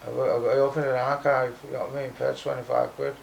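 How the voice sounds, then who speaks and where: A man's voice: mid-range voice, level tone, fast, creaky, lo-fi sound, slight background noise. A man telling a hard personal story in blunt, streetwise talk, often adding "you know what I mean". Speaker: interview guest.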